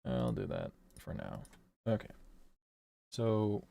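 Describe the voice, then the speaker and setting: A man's voice: on the low side, lively intonation, slow pace, gravelly, mellow. A man streaming casually while he works, thinking aloud in a rambling way that corrects itself, swearing and laughing often.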